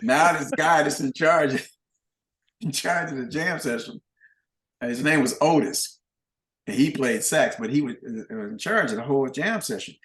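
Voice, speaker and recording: An older man, a guest musician, telling animated, plain-spoken anecdotes in a relaxed chat. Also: medium pitch, unhurried, roomy sound. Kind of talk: casual storytelling.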